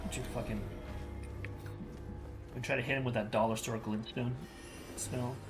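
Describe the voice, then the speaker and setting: A man in his thirties, a native Spanish speaker from South America, who streams games and talks in a casual, excitable way with lots of swearing. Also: mid-range voice, normal speed, over loud music. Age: 30s. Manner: swears a lot, excitable outbursts. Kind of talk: casual gameplay commentary.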